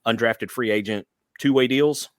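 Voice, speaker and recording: A man co-hosting a casual sports podcast, measured and hedging his points. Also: mid-range voice, no echo, clean studio sound. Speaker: podcast co-host.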